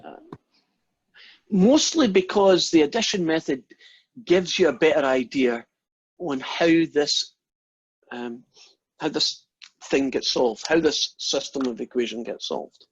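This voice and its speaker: A man's voice: on the high side, lively intonation, unhurried, pauses often, slightly rough, no room sound. A man teaching a math class online, telling a joke in a chatty, informal way before getting back to the lesson. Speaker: math lecturer. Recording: dull lo-fi audio, dry.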